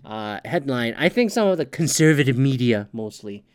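Profane man ranting with lively pitch. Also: normal speed, clear, resonant tone, no echo, clean studio sound. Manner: profane, heated, sarcastic ranting. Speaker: podcast host. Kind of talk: casual ranting commentary.

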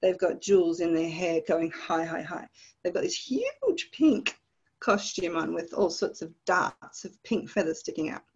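An Australian woman with a fairly low voice recounts her memories in a lively, descriptive way, often laughing as she goes. The recording sounds a little dull and lo-fi. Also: measured pace, breathy edge. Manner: animated, vivid storytelling with laughs. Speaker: guest. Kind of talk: storytelling in a podcast interview.

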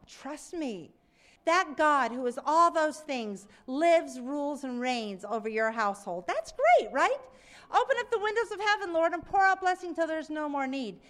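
A middle-aged woman preaching a conversational sermon, telling stories and acting out quotes. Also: high-pitched. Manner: conversational preaching, lively storytelling with acted quotes.

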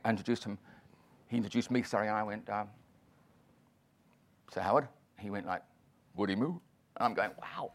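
A man from New Zealand, a comedian, telling an anecdote on a panel in front of an audience, doing quick voices for the people in it. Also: medium pitch, a bit bright. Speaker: guest comedian and author. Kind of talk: storytelling on a panel. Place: venue with live audience.

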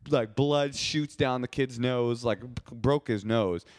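A man in casual podcast chat, spinning a long comic anecdote. He talks at a middling pitch, circles back on himself with restarts and fillers, and keeps the telling loose and animated. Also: slow. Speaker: podcast co-host. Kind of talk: casual comedic storytelling.

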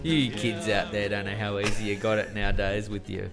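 Hombre burlón de voz grave con música. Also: male voice, lowish voice, little pitch movement, over music. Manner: teasing, quick banter. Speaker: podcast co-host. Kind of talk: casual chat.

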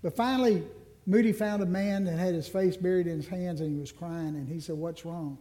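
A man preaching an Ash Wednesday sermon as minister, earnest and slowing down on key phrases. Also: high-pitched, warm tone.

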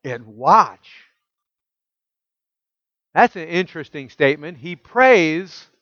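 A man preaching a sermon as pastor, emphatic and full of rhetorical questions, dropping soft and low when quoting scripture. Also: lively intonation, slow pace, dry recording, lo-fi sound.

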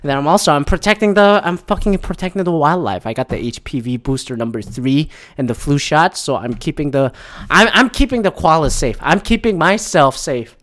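A man's voice: fairly high pitch, a little fast, fairly bright tone. A man hosting a casual solo podcast, rambling and swearing often, with frequent restarts, into a podcast mic. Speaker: podcast host. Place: home recording in Michigan. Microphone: podcast microphone.

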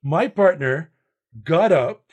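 A man co-hosting a board game podcast, talking in casual, expressive chat and laughing readily. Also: on the high side, slow, husky. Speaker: podcast co-host.

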